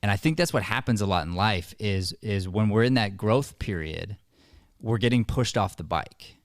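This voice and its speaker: A man's voice: on the low side, lively intonation, moderate pace, no echo, clean studio sound. A man hosting a podcast, talking earnestly in a casual way and often restarting his sentences. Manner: earnest, storytelling, with repeated restarts. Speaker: podcast host and acting coach.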